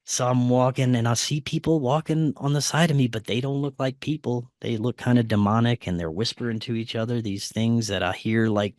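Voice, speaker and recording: Man, podcast guest, casual storytelling, middle pitch, dry close sound, hushed quoted lines. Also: moderate pace, no echo. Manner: acts out quoted dialogue in a quieter voice; frequent fillers and restarts, animated retelling. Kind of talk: casual first-person storytelling.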